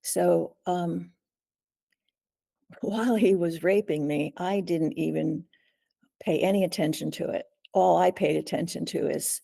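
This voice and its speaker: Gravelly older woman, halting. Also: fairly low pitch, steady tone, warm tone. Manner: halting and earnest, frequent throat clearing and pauses. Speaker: guest, survivor and author. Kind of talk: recounting a personal ordeal in an interview.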